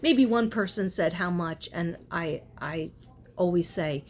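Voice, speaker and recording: This spiritual artist and vlogger chats casually in her vlog, rambling earnestly and often breaking off to start over. Her voice is fairly low and animated, delivered at a measured pace.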